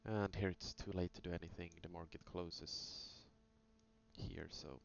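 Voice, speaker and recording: A man's voice: sits low, steady tone, measured pace, vocal fry. A man casually talking through chart trades in a screen-recorded review, thinking aloud with many fillers. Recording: dull lo-fi sound with faint hum.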